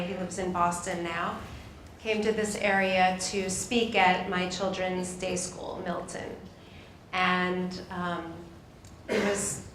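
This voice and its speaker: Middle-aged woman moderator, emotional storyteller, hall mic with room echo and faint hiss. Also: medium pitch. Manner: emotional, animated, acts out voices in her story. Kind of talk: personal storytelling to an audience. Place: synagogue hall. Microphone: microphone in a hall. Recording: echoey hall with faint noise.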